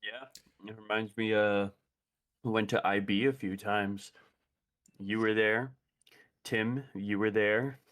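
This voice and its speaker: A man's voice: lowish voice, fairly even intonation, slow, long pauses, fairly bright tone. A young man in his twenties, co-hosting a podcast and recounting a night out in laid-back, laughing banter. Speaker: podcast co-host. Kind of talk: casual chat.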